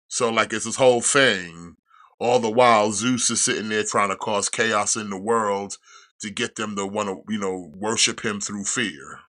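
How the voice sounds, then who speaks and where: Low, bright-voiced man rambling casually. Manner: rambling, profane storytelling with quick restarts. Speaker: podcast host reviewing a show. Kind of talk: casual chat.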